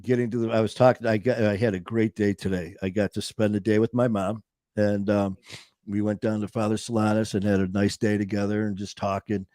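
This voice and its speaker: A man's voice: fairly low pitch, flat delivery, fairly quick, mellow, no room sound, clean studio sound. A man from Michigan hosting a show, chatting casually in a rambling, stop-start, jokey way. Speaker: show host. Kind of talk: casual chat. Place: studio.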